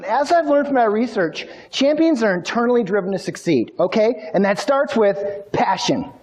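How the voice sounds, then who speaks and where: A man giving an energetic motivational keynote, telling stories and speaking straight to the audience. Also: sits high, moderate pace, soft background music. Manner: energetic, storytelling, addresses audience directly.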